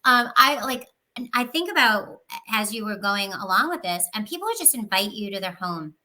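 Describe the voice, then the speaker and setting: A woman's voice: medium pitch, lively intonation, moderate pace, pushed and bright, poor audio. A woman hosting a casual interview, gushing and enthusiastic, speaking straight to her listeners. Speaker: host.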